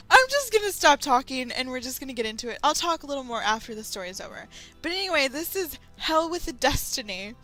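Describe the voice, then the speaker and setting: Young woman, high bright voice, reads fan fiction aloud and breaks off for sarcastic, swearing asides. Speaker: fan fiction reader and host. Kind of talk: dramatic reading with comic asides.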